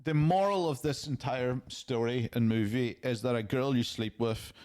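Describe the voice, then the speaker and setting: A man's voice: medium pitch, darkish tone. A man co-hosting a podcast, rambling and swearing as he chats about a film. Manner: sweary, rambling, quick to laugh. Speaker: podcast co-host. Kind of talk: casual film-review chat.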